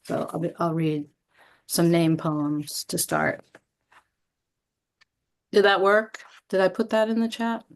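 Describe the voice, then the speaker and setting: A woman poet on a video call, apologetic and hesitant, with many pauses and fillers. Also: fairly low pitch. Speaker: featured poet.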